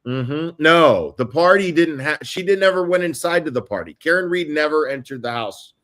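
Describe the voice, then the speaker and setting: A man's voice: fairly high pitch, lively intonation, moderate pace, fairly bright tone. A male host on a casual livestream, explaining a timeline step by step with frequent ums and uhs.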